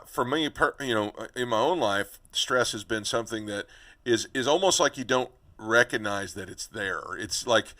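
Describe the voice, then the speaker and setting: A man's voice: mid-range voice, sharp tone. A man hosting a podcast interview, chatty and conversational, often restarting and repeating words. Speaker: podcast host.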